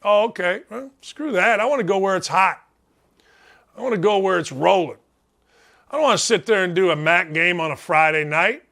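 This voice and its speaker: A man in his late fifties hosting a sports talk show, ranting bluntly and combatively, hammering his points and breaking into shouts. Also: high voice. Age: 50s. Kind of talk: sports talk radio rant.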